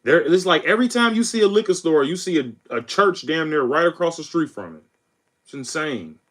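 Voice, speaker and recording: A man's voice: a little high, lively intonation, brisk, fairly bright tone. A man hosting a political livestream, ranting at chat in a scornful, insulting way and tacking "bro" onto his lines. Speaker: livestream host. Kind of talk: heated political livestream rant.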